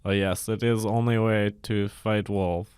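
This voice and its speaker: A man doing an improv scene as a stiff Russian man named Vladimir, with a put-on Russian accent and hesitant, halting lines. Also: on the low side, steady tone, a little mellow, clean tone, dry recording, clean studio sound, lightly acted. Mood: deadpan.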